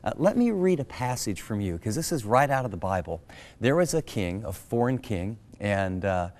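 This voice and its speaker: Speaking at a moderate pace in a voice on the low side, a middle-aged American pastor teaches scripture in a conversational style. He's earnest and animated, driving points home by questioning the listener directly.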